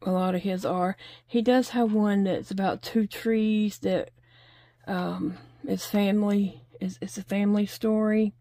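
A woman's voice: medium pitch, steady tone, a little slow, warm tone, no room sound, clean studio sound. A middle-aged woman, chatting casually and laughing often while she crochets and counts her stitches aloud. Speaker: crochet vlogger.

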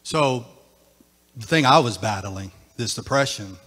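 A man preaching a sermon as pastor, emphatic and repetitive, his voice rising into shouts. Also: mid-range voice, animated, a little slow, big-room sound. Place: church sanctuary.

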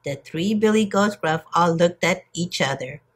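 A woman teacher reading a picture book aloud to young children in an expressive storytelling manner. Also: lowish voice, moderate pace, slightly rough.

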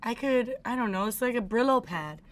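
A woman's voice: fairly high pitch, expressive, a little fast. A young woman co-hosting a casual food-tasting show, squeamish and dramatic, often laughing at what she has to eat. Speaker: co-host.

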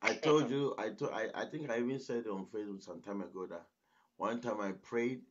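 A pastor preaches a sermon in a fairly low, brisk voice, emphatic and exhorting, often breaking in with "listen." The recording is dull and lo-fi.

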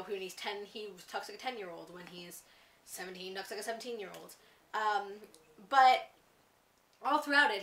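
A teenage girl chatting excitedly about a book to camera, gushing, with lots of "like"s and restarts. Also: medium pitch. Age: teens. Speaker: book vlogger. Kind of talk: casual book review to camera. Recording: echoey room, somewhat far from mic.

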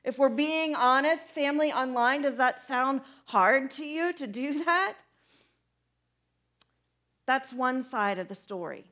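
High-voiced woman preaching a casual sermon. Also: takes it slowly. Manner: conversational, animated, asks the congregation questions. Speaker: pastor.

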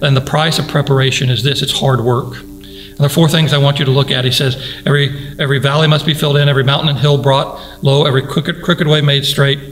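A man's voice: medium pitch, steady tone, quick pace, a bit bright, faint music behind, low-quality recording. A man preaching a sermon as pastor in a church, earnest, repeating phrases and asking the congregation rhetorical questions. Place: church sanctuary.

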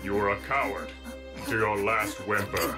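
A man voicing a stoic android who talks in a flat, formal way, heard as a show clip over music. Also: lowish voice, moderate pace, lightly acted. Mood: stern. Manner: deadpan, formal, flat robotic diction. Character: stoic android, now just a severed head.

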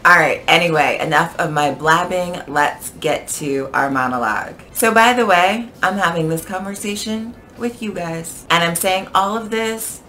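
An American woman teaching an English pronunciation lesson, speaking clearly with expressive, lively intonation. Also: lowish voice, normal speed, few pauses, soft background music.

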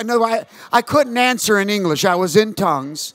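A man's voice: very high-pitched, normal speed, dry recording, studio quality. A man in his sixties, a pastor telling stories in a sermon and calling for amens and responses from the church. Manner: animated storytelling preacher, calls for amens and response.

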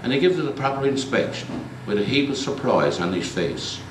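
A man giving a lively comic recitation at a community concert. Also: mid-range voice, a little fast, noisy background. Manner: lively storytelling. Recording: echoey hall, mic far off.

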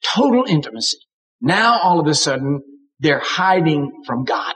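A man's voice: on the high side, big pitch swings, moderate pace, a bit bright, poor audio. An older man preaching a sermon, with dramatic emphasis and acted-out voices. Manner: dramatic, acts out voices of God and characters.

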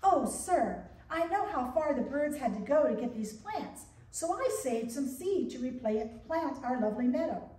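A woman's voice: sits high, lively intonation, a little slow, few pauses, dark tone. A woman pastor voicing a small, eager, humble male mouse in a storybook read-aloud. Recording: echoey church from a distance.

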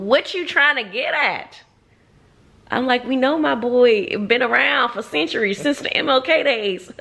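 A woman vlogging about her reading in a casual, animated way, blunt and profane, with frequent laughs. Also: mid-range voice, vocal fry. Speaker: book vlogger. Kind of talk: casual reading vlog chat.

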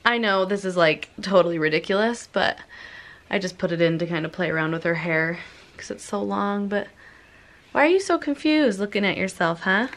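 A woman's voice: medium pitch, moderate pace, fairly bright tone. A young woman in her late teens vlogging in a chatty, giggly way to her viewers, slightly out of breath. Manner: chatty, giggly, addresses viewers as you guys. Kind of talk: casual chat to camera.

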